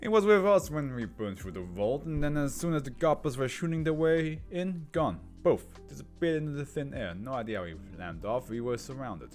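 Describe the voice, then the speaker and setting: A man voicing a bitter male gangster under interrogation, talking in rough, scornful street slang. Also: mid-range voice, expressive, normal speed, few pauses, a little mellow, soft background music, voice pushed up, natural voice. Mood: gruff.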